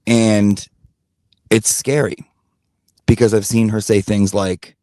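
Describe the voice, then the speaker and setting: A man with a lowish voice rants straight at his regular viewers in casual commentary. He swears freely and hammers his points by repeating them. The sound is dry and close. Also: little pitch movement, slow, dark tone, no room sound. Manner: blunt, profane, repetitive emphasis; talks directly to his audience. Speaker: commentary channel host.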